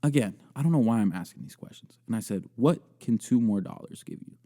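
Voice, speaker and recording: A man's voice: fairly low pitch, lively intonation, a little fast, dark tone. A young man hosting a podcast, telling a crude story and riffing on a video in a rambling, self-mocking way with frequent laughter. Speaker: podcast host. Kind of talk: casual comedic storytelling and video commentary.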